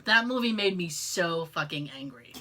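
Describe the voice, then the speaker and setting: A woman's voice: fairly low pitch, animated, moderate pace, sharp tone. A woman with a Boston accent co-hosting a podcast in casual chat, swearing freely, laughing a lot and putting on mock voices. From Boston area. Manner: profane, laughs often, mock voices in quotes. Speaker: podcast co-host.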